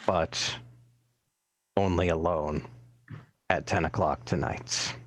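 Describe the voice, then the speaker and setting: Slow, deep-voiced man player. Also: fairly even intonation, dry recording. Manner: deliberate, hesitant. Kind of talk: tabletop game chat.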